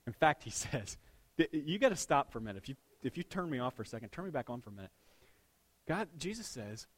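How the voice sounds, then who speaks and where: A man preaching a sermon to his congregation, joking one moment and dropping to a near hush the next. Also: medium pitch, very animated, quick pace. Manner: swings between punchy loud lines and hushed intimate ones. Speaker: pastor.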